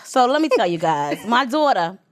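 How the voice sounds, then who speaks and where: A woman in her thirties co-hosting a casual podcast, telling stories in an animated, profane way. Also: fairly high pitch, normal speed. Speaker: podcast co-host. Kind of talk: casual chat.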